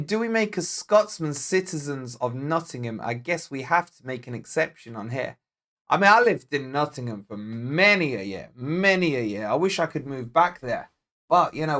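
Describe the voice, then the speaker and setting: Scottish guy doing a footy watch-along, bit of a higher voice, jokey and chatty, answering chat the whole time. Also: lively intonation, moderate pace, fairly bright tone. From Scotland. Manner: chatty, jokey, reads viewer comments aloud. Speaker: football fan channel host.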